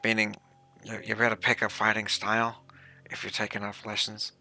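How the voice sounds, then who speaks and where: A man's voice: lowish voice, monotone, moderate pace, creaky, sharp tone, heavily acted. A man voicing a retired male ranger in his thirties who runs fight lessons, speaking in a plain, hesitant drawl. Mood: gruff.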